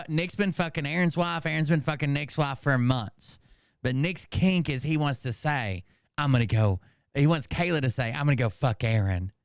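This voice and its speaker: Commentary host guy, skeptical and sarcastic, smooth voice, dry close sound. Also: a little high, no room sound. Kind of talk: reaction commentary.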